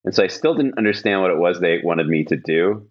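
A very low-pitched man spins a long, rambling story on a podcast, full of "um"s, "like"s and false starts. The sound is a little dull and lo-fi, and the mood stays casual and chatty. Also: a little fast. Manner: rambling anecdotal telling with many fillers and restarts. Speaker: podcast host.

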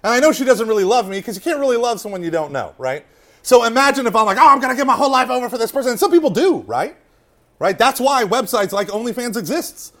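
A man giving a lively faith talk to a room of listeners, swinging from loud emphasis to hushed asides and often checking in with "right?". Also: very high voice, quick pace. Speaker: Catholic speaker.

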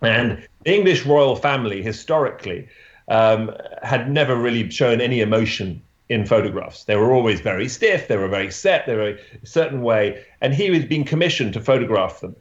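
A man who is a portrait photographer, telling a story in an interview, halting often with restarts and "you know" fillers. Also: mid-range voice, lively intonation, reverberant, highs cut off.

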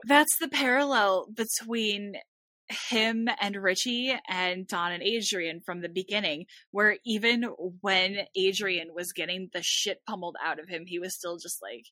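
A woman with a bright, sharp-edged voice recaps a movie in casual podcast chat. Her remarks are dry and wry, recorded close on a dead, dry mic. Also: mid-range voice, fairly even intonation, a little slow, dry recording. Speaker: podcast co-host.

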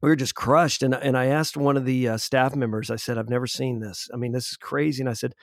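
A man in his forties, telling a personal story as an interview guest in an earnest, halting way with restarts. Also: mid-range voice, steady tone, no echo, clean studio sound. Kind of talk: conversational storytelling.

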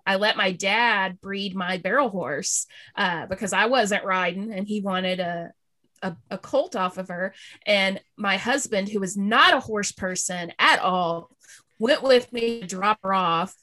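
A middle-aged woman in casual chat, telling a story with halting restarts and giggles. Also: medium pitch, bright, forceful tone.

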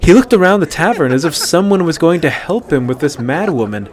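A man's voice: a little high, animated, fairly quick, noisy background. Man reading a story aloud. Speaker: narrator. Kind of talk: storybook narration.

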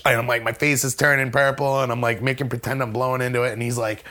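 A man spins a long personal story in a loose, wandering way. He keeps restarting his sentences and pokes fun at himself with a wry, lighthearted tone. His voice sits at an ordinary middle pitch for a man. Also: level tone, quick pace, pushed and bright. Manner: rambling, wry and self-mocking, with many fillers and restarts; acts out other people's lines in a raised voice. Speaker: interview guest. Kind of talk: casual conversational storytelling.

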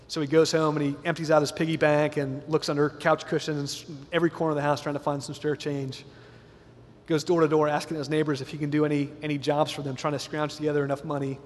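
A man preaching a sermon, telling a story in an earnest, slowly building way in a church. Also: a little high. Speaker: pastor. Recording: long hall reverb, faint room ambience.

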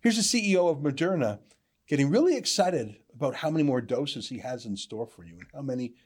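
Lively, sarcastic male commentator. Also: medium pitch, a little fast, husky. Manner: emphatic, sarcastic. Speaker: political commentator. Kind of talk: opinion commentary.

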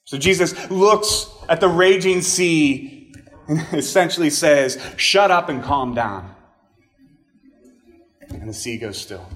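A male pastor giving a conversational sermon, chatty, with casual asides and animated emphasis. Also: sits high.

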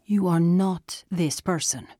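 A woman voicing a calm, probing teenage boy who questions his friend in a measured way. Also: lowish voice, no echo, clean studio sound. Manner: questioning, measured, gently pressing.

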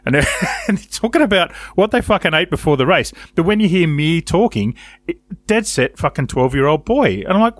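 A man co-hosting a casual motorsport chat, telling stories in a sweary, animated way. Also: fairly high pitch, brisk, dry recording. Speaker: podcast co-host.

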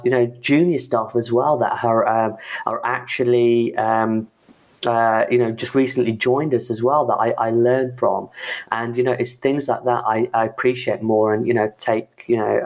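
A man with a gravelly, creaky voice shares a personal workplace story. He is an IT manager, and he talks haltingly, leaning on "you know" and "um" between thoughts. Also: mid-range voice, a little mellow.

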